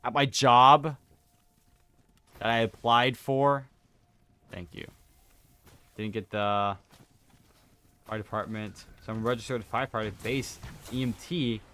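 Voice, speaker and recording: A young adult gaming streamer chats casually while he plays, rambling through stories, correcting himself and chuckling. His medium-pitched voice is steady, pushed and bright, slow, with frequent pauses.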